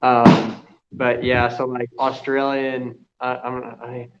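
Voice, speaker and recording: A man's voice: medium pitch, flat delivery, takes it slowly. A young man chatting casually on a video call, rambling with lots of fillers and restarts. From United States. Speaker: conversation partner. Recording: muffled video call audio, faint hiss.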